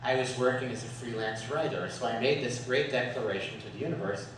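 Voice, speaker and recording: A man's voice: mid-range voice, fairly even intonation, fairly quick, a bit bright, a little hiss or hum. A man giving a humorous talk as guest speaker at a Sunday service, storytelling with jokes and frequent chuckles. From USA. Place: worship hall. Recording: echoey hall from far off.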